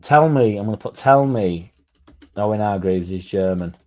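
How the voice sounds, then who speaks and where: A man's voice: on the low side, moderate pace, a little mellow. A man hosting a football fan channel, chatting casually in a rambling, sweary, self-mocking way.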